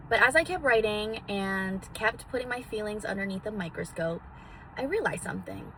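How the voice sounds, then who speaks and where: A woman's voice: mid-range voice, sharp tone, slight background noise. A woman vlogging casually from a parked car into a phone, theatrical and swearing freely as she gives self-help advice. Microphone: phone on a magnetic mount.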